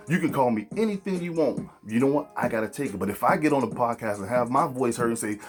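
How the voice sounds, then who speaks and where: Blunt preaching podcast host, faint music. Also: male voice, medium pitch, lively intonation, fast talker. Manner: blunt, preachy, talks straight to the audience. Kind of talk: opinionated podcast monologue.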